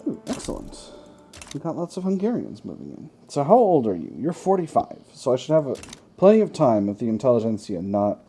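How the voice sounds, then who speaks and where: A man's voice: mid-range voice, big pitch swings, brisk, mellow, slight background noise. A man hosting a gaming channel, chatting through a strategy game, thinking aloud with wry self-mocking asides.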